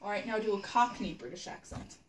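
The host, a woman with a mid-range voice who talks a little fast, keeps things chatty and giggly while handing out and scoring challenges in a casual video. Background noise and a distant mic make the sound roomy.

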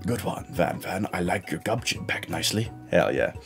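A man voicing an older male mentor in a game, speaking low and slow in a soft murmur. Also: sing-song, vocal fry, soft background music, exaggerated voice. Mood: proud.

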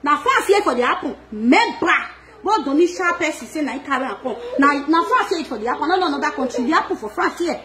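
A woman with a Nigerian Pidgin accent talking through gossip in an animated, scolding way with frequent laughs. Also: sits high, fast talker. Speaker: gossip vlogger. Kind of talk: casual gossip monologue.

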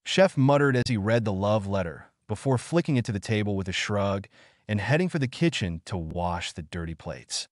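Deep-set male storyteller, lively pitch. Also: normal speed, no room sound, clean studio sound. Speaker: narrator. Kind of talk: reading fan fiction aloud.

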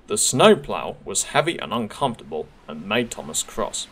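Gravelly man reading a storybook. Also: fairly low pitch, moderate pace, few pauses. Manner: expressive, gently paced narration.

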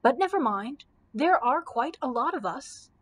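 A woman's voice: sits high, lively intonation, a little slow, husky, full character voice. A woman voicing a cheerful, kindly male scarecrow emperor made of straw, in a light and engaging manner.

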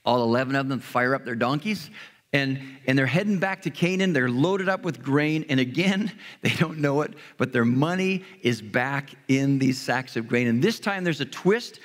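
A pastor preaching a sermon in a conversational way, retelling a story and briefly acting out its characters. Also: male voice, medium pitch, animated, normal speed. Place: church hall. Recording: long hall reverb.

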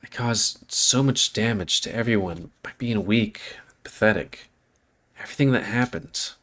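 A man's voice: lowish voice, unhurried, a bit bright. A man voicing a remorseful young male fantasy dog, reading a visual novel aloud in an earnest, reflective way. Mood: regretful.

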